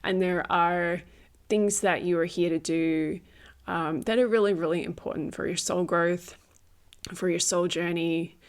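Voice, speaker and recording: A woman's voice: fairly low pitch, fairly even intonation, a little slow. A woman giving a casual spiritual tarot reading. She is chatty, laughs often, uses many fillers and repeats phrases for emphasis. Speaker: tarot reader.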